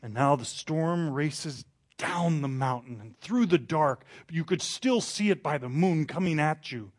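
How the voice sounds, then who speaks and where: A man preaching a sermon, telling the story with dramatic rises, then turning quiet and confessional. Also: a little high, lively intonation, a little slow. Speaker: pastor.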